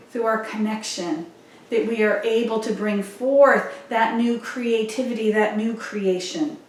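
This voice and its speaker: A woman minister giving a sermon in an earnest, measured way, asking rhetorical questions. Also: mid-range voice, a little hiss or hum. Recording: very echoey, from a distant mic.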